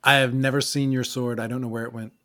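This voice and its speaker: A man's voice: mid-range voice, level tone, quick pace, sharp tone. A man playing a tabletop role-playing game and joking casually with the group. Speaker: player.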